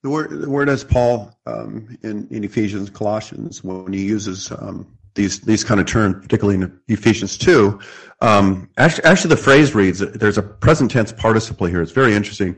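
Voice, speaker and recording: A man's voice: lowish voice, brisk, vocal fry, slightly rough. A man earnestly explaining scripture in a theological discussion, quoting verses as he goes.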